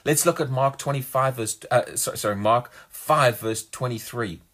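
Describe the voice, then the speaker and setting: A man's voice: medium pitch, normal speed, a bit bright. A man preaching a sermon, earnest and emphatic, often repeating words as he restarts a phrase.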